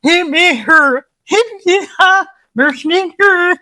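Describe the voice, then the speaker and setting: A woman putting on a goofy male Muppet cook with high sing-song gibberish. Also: slow pace, pushed and bright, no room sound, heavily acted. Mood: silly. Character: mock Swedish Muppet cook, man, goofy.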